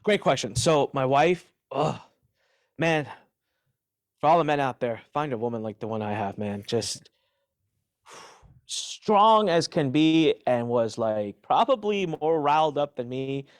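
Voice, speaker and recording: Middle-aged man, interview guest, animated and emphatic, dry sound. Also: medium pitch, a little slow, dry recording. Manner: emphatic, animated retelling with restarts. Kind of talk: candid interview answers.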